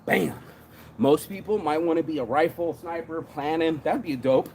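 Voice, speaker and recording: A man's voice: on the high side, moderate pace, slight background noise. Fired-up profane man ranting about hustle. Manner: profane, energetic, says "bro" a lot. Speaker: motivational show host. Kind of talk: fired-up casual motivational rant.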